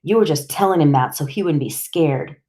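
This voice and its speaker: A woman's voice: low voice, lively intonation, a little fast, dark tone. A woman voicing a distraught, big teenage boy in an audiobook, raw and pleading in tone. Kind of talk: audiobook character dialogue.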